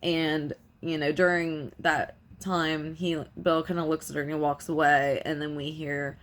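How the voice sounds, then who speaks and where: A woman's voice: sits low, flat delivery, measured pace. A woman casually recapping a film's plot for a review, rambling and filling her sentences with "like" and "you know". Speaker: film reviewer.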